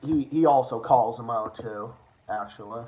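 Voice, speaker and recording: A young man hosting a casual livestream, excitable and rambling, swearing often with quick restarts. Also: mid-range voice, dull audio. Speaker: livestream host. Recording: echoey room, faint noise.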